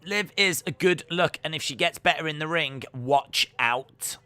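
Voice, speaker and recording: Male streamer, live reaction commentary, teasing tone, smooth clear voice, dry booth sound. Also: on the high side, a little slow, pushed and bright, dry recording. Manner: mocking, chanting taunts. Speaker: watch-along streamer.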